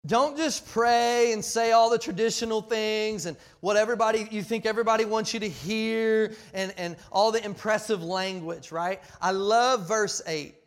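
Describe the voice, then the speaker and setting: A man in his forties preaching a sermon, passionate and full of restarts, swinging between loud emphasis and quiet asides. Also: high-pitched, steady tone, normal speed, hardly any pauses. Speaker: pastor.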